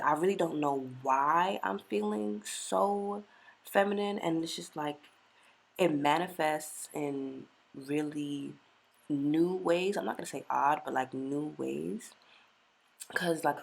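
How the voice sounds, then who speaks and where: A woman's voice: deep voice, creaky. A woman, hosting a casual solo podcast chat in a candid, slangy way. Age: 20s. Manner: candid, slangy and chatty, swears freely. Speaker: podcast host.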